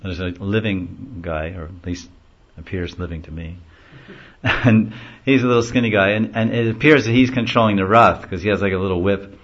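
A man's voice: deep voice, moderate pace, fairly bright tone. A man giving a devotional lecture in a conversational, rambling storytelling way. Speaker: devotional class speaker. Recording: dull lo-fi recording.

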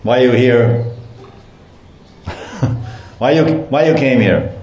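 A man's voice: medium pitch, expressive, a little mellow, pitched above the performer's own voice. A man playing a young male god who speaks like a curt policeman, firing off questions in a short, official way. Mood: stern. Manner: curt rapid-fire interrogation. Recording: echoey muffled room with faint ambience.

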